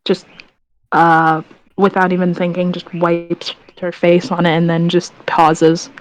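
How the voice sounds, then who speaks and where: A woman playing a tabletop game, describing things in a rambling, halting way full of restarts. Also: lowish voice, completely flat delivery, no room sound, rough recording. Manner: rambling, halting, self-correcting. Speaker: player. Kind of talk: casual tabletop game chat.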